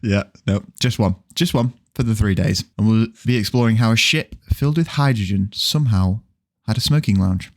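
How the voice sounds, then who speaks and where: A man's voice: lowish voice, moderate pace. A man presenting a podcast topic with playful, dry humor. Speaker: podcast co-host presenting the episode. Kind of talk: casual podcast chat.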